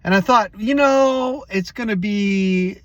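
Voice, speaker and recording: A man's voice: high-pitched, slow, fairly bright tone, no echo. A man hosting a motivational vlog, telling a story casually and speaking straight to his viewers. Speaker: host.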